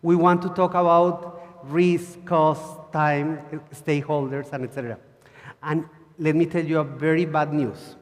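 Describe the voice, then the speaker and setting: Guy giving a keynote, high-ish voice, big echoey conference hall. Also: unhurried. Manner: animated storytelling with acted quotes and audience asides. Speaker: conference speaker. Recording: long hall reverb.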